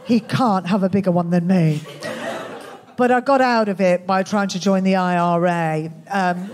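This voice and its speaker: Deadpan Birmingham woman doing stand-up. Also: medium pitch, normal speed, noisy background. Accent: Birmingham English. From England. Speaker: comedian. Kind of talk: stand-up comedy set. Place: comedy club with live audience.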